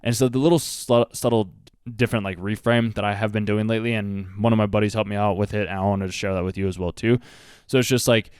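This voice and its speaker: A man's voice: fairly low pitch, fairly even intonation, quick pace, darkish tone, clean tone, no room sound, clean studio sound. A man casually commenting on an anime and giving earnest life advice, rambling with lots of fillers. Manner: rambling, earnest, heavy use of "like". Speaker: anime reaction host.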